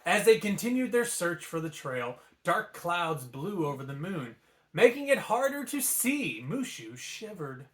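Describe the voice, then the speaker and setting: Animated man reading a bedtime story. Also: sits high, measured pace. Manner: playful and animated, with asides. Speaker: storybook reader. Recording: echoey room.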